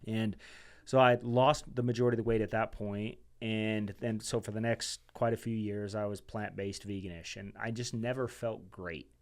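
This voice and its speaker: A man as a podcast guest telling a personal story in a casual, animated way. He talks loosely and calls his listener "dude" and "man". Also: lowish voice, moderate pace. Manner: chatty and animated, says "dude" and "man", acts out quoted dialogue.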